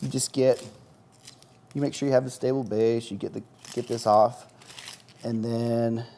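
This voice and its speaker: A man's voice: mid-range voice, steady tone, unhurried, warm tone, slight background noise. A man chatting casually while he cooks in a kitchen, rambling and often restarting his sentences. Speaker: dental professional, cooking guest. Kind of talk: casual chat while cooking. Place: kitchen on a live show.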